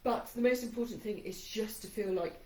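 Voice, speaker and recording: A woman's voice: mid-range voice, brisk, dark tone, reverberant, recorded from a distance, low-quality recording. A woman instructor calling breathing cues through an ab workout while doing it herself, her voice a little shaky from the effort. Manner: encouraging cues paced to breathing, slightly breathless. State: shaky voice from exertion. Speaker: fitness instructor.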